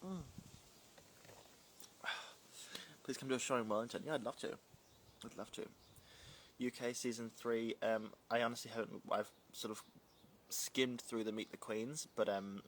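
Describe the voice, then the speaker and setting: A man's voice: on the low side, fairly even intonation, brisk, creaky, slight background noise. A man hosting a casual phone livestream from home, rambling and reading viewer comments aloud. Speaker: livestream host. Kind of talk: casual live-stream chat.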